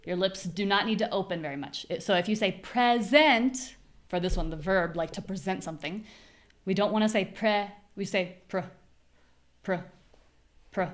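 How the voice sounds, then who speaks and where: A young American woman teaching a live online pronunciation class, clearly drilling syllables and explaining word stress. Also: lowish voice. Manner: clear, demonstrative, repeats syllables slowly for drills.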